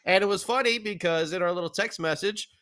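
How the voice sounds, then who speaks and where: A man co-hosting a casual hockey recap podcast, talking in an animated, jokey way. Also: high voice, a little fast. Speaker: podcast co-host.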